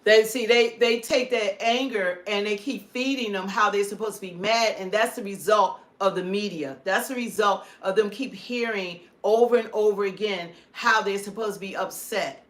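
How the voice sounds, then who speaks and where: A woman's voice: mid-range voice, moderate pace, hardly any pauses. A woman hosting a political commentary livestream, talking emphatically and repeating her points. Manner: emphatic, repetitive, preachy. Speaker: livestream host.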